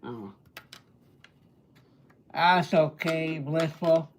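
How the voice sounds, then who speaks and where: Speaking extremely slowly in a fairly high voice, a livestreamer and entertainer greets his viewers by name and casually fields their comments and questions. A little hiss or hum runs under the audio.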